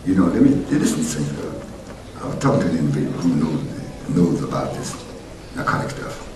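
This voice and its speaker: Male pastor, low voice with lively swings, heard from far off in a roomy church with noise. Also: fast. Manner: preaching, rising to loud emphatic peaks; conversational asides and questions to the congregation. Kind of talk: sermon. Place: church sanctuary.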